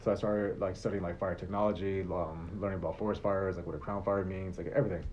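A man telling his life story in a casual interview, animated and swearing freely. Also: deep voice, fast talker, a little hiss or hum. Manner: animated, swears freely, acts out quoted exchanges. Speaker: guest telling his career story as a chef. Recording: dull, muffled recording.

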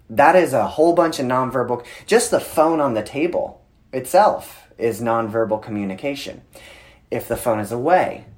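A man in his thirties, a guest in an interview, explaining communication with lively storytelling and frequent filler words. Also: medium pitch. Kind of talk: conversational interview.

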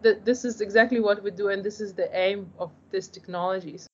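A woman's voice: mid-range voice, fairly even intonation, fairly quick, darkish tone, slightly rough. Woman, founder type, explains stuff earnestly, lots of "like", kinda muffled audio. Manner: earnest, explanatory, frequent "like" and restarts. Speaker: startup founder. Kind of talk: interview answers. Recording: dull lo-fi audio.

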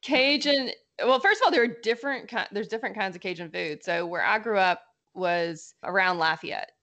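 A woman's voice: medium pitch, moderate pace. Chatty woman with a slight Louisiana twang. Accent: South Louisiana, slight Southern twang. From South Louisiana. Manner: chatty, animated storyteller. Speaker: podcast guest. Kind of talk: casual podcast chat.

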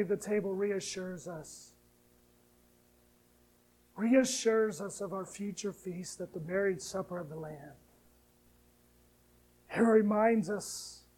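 A man preaching a sermon, moving from hushed, tender lines to loud, rising appeals and slowly reciting hymn verses. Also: high voice, slightly rough, low-quality recording. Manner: preaching with sharp swings between soft, hushed lines and loud, rising ones. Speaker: pastor.

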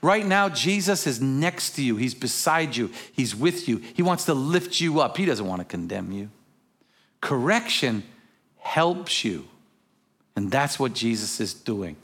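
A pastor delivers a sermon in a mid-range voice, very animated yet at a measured pace. He moves between hushed, intimate lines and sudden shouted exclamations, with casual storytelling asides mixed in.

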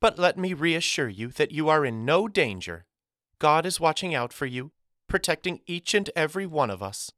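A man's voice: on the high side, big pitch swings, normal speed, a bit bright, dry recording, clean studio sound, voice pushed up. A man voicing a woman schoolteacher who soothes a class in an overly sweet, chirpy tone that hides worry, in an audiobook. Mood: falsely sweet. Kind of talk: audiobook character voice.

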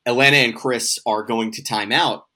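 A man's voice: medium pitch, steady tone, moderate pace, sharp tone. A man co-hosting a podcast in casual chat, rambling and swearing freely as he recaps and acts out quotes. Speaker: podcast co-host.

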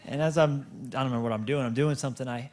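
A man preaching a sermon, telling a story with many stammered restarts and repeated words, and slowing down to stretch words for emphasis. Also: medium pitch, steady tone, a little mellow. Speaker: pastor.

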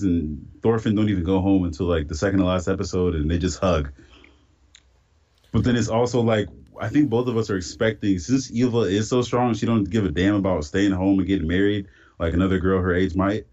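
A man in casual podcast chat, talking in a relaxed, reflective, drawn-out way. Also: on the low side. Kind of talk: casual chat about an anime. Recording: dull lo-fi sound.

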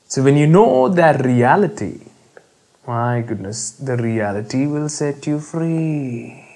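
A man preaching a sermon, emphatic, repeating phrases and swinging between loud declarations and hushed, drawn-out words. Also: mid-range voice, expressive, poor audio.

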